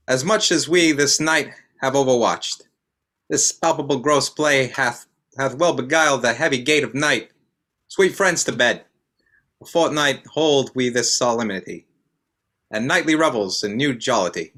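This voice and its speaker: A man gives voice to a stately ruler speaking rhymed verse. His voice is bright and sits at a middle pitch. He stumbles and repeats words at times. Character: Theseus, a stately duke, and Oberon, a fairy king. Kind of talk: amateur online play reading.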